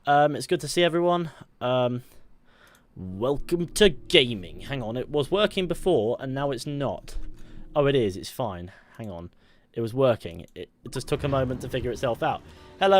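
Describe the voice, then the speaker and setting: This young man talks loosely over his live game stream through a headset, wandering off, starting sentences over and growing excited. He speaks at medium pitch and normal speed, with faint music behind him.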